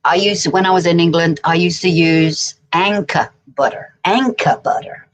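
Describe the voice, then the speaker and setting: A woman with a somewhat low voice co-hosts a casual livestream. She talks playfully and drifts into anecdotes, teasing her co-host along the way. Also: moderate pace, low-quality recording. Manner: playful, chatty, tells anecdotes.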